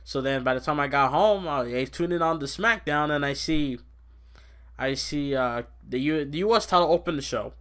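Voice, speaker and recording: A young man hosting a casual podcast, rambling excitably about wrestling and laughing often. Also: a little high, moderate pace. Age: young adult. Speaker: podcast host. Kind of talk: casual wrestling recap chat.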